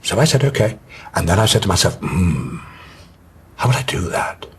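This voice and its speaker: A pompous older actor explains his craft in a scripted comedy scene, patronizing and theatrical. The voice sits fairly low. Faint background noise runs under the scene. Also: very animated, moderate pace, fairly bright tone. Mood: condescending.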